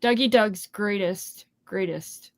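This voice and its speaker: A woman co-hosting a casual book discussion, speaking in a lively, joking way. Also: mid-range voice, takes it slowly.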